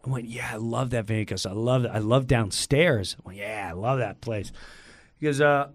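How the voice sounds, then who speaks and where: A middle-aged man telling a story in a lively way, acting out the lines of the people in it. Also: medium pitch, brisk, no echo. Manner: acts out other people's lines in quoted voices. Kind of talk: animated storytelling.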